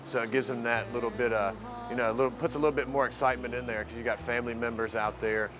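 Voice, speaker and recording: Over music, a man from the mainland, a program resident and volunteer, talks fast about his work with the program in a casual interview. His medium-pitched voice has fairly even intonation, and he rambles loosely, filling gaps with plenty of "you know."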